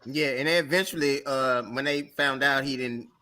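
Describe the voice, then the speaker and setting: A man co-hosting a sports radio podcast, chatting in loose, animated and playful banter. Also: mid-range voice, moderate pace. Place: radio studio.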